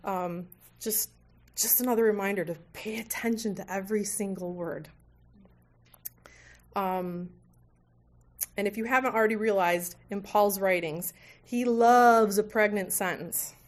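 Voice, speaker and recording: A woman's voice: mid-range voice, fairly even intonation, measured pace, long pauses. A woman teaching a women's Bible study group, conversational and lightly humorous, sometimes correcting herself mid-sentence. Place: meeting room with tables.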